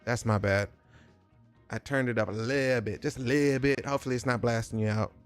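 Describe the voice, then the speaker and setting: Soft music plays behind a mid-range male voice that is smooth, fairly even in intonation and a little fast. The speaker, an adult with a son, livestreams his digital drawing while chatting casually and joking with viewers, speaking straight to chat.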